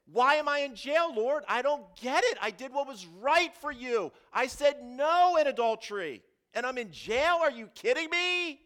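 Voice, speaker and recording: A man voicing a frustrated young man wronged and jailed, loud and incredulous. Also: very high voice, sing-song, brisk, hardly any pauses, pitched above the performer's own voice, full character voice. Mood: exasperated.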